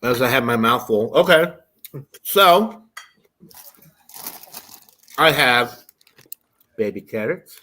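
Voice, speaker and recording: A man chatting casually as a guest on a live stream, unhurried and matter-of-fact. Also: mid-range voice, lively intonation, bright, forceful tone. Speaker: guest on a live beer show.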